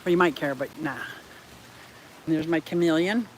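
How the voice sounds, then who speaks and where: A woman's voice: lowish voice, brisk, pauses often, a little hiss or hum. Chatty woman vlogging her fish room. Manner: chatty, giggly, talks to her pets and viewers. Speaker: fish keeping channel host. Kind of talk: casual home tour vlog. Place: walking around a house and front yard.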